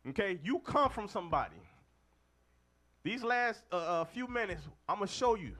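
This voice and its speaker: High, lively preacher man. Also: normal speed. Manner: emphatic, calls for readings, call-and-response. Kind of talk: street-style sermon to a group of men.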